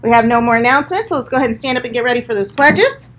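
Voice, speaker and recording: A woman's voice: on the high side, animated, very fast, fairly bright tone, a little hiss or hum. A woman, a school principal reading the morning announcements to students in an upbeat, encouraging way. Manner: upbeat, encouraging, addresses children directly.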